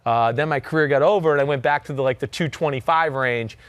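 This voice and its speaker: New Jersey man in his thirties, loud and animated, hosting casual sports chat on a dry close mic. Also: medium pitch, quick pace, no echo. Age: 30s. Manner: loud, animated, talks with filler and restarts. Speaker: podcast host.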